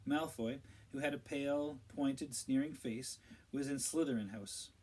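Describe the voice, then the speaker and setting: A man reads a storybook aloud in a steady, measured voice of ordinary middle pitch. His delivery is plain, an amateur audiobook narration. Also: low-quality recording. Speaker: audiobook reader.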